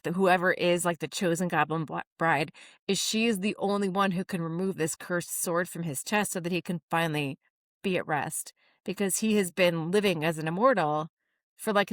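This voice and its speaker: A woman co-hosting a podcast who also writes books, chatting in a breezy, playful way with quick asides. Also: on the low side, dry recording, clean studio sound. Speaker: podcast co-host and author. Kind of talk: casual podcast chat.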